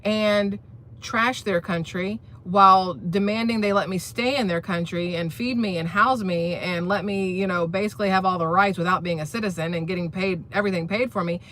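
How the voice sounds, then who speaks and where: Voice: mid-range voice, normal speed, sharp tone, a little hiss or hum. A channel host giving blunt, opinionated political commentary in a casual vlog, talking straight to viewers and rambling through restarts.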